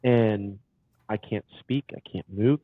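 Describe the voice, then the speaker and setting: Animated man on a tinny line. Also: on the low side, takes it slowly, breathy edge, dry recording. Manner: animated storyteller, says dude a lot. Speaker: podcast guest. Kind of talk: casual conversation. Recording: tinny phone-like line, dry.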